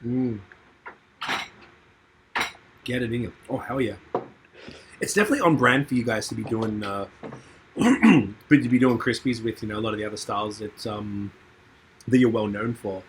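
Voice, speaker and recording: A man's voice: lowish voice, moderate pace, long pauses. Chatty male host on a call, easygoing, a slight hiss behind. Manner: loose and chatty, swears casually, many fillers. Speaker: podcast host. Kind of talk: casual chat. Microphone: remote call with a mute button.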